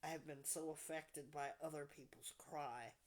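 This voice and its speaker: A woman hosting a support group session, speaking softly and deliberately, often trailing off into near whispers. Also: low-pitched, fairly even intonation. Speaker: podcast host leading a support group. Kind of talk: reflective talk to a group.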